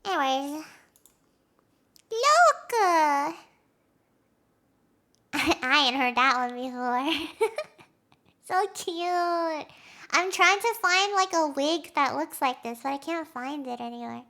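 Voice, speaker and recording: High, bright giggly young woman streamer. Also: fairly even intonation. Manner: chatty, giggly, quick to react emotionally. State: has a headache. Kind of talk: casual chat with a live audience.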